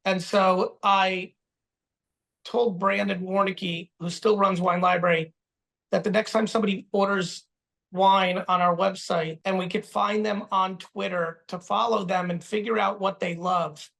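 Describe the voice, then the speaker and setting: A man's voice: high voice, level tone, measured pace, creaky, a bit bright. A man telling a business story with emphatic, profane energy over a video call. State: getting stitches while talking. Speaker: guest speaker answering questions.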